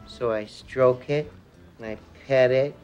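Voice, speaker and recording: An actor playing a clumsy, overexcited salesman who acts out his stories with squeals, shouts and sound effects. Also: mid-range voice, fairly even intonation, slow, highs cut off, faint music behind, close to an everyday voice. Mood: eager. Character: clumsy overexcited male salesman, wild storyteller. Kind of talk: comic film monologue.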